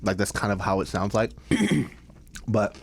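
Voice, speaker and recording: A man co-hosting a casual food podcast, jokey and self-mocking, talking loudly. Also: lowish voice, flat delivery, a little slow. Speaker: podcast co-host. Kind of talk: casual chat.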